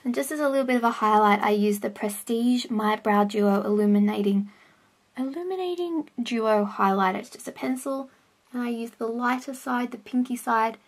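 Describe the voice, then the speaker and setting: Chatty young woman, gravelly edge. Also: a little high. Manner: chatty, rambling with self-corrections. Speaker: vlogger. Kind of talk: casual makeup tutorial vlog. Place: home, indoors. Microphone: camera on a stand close by.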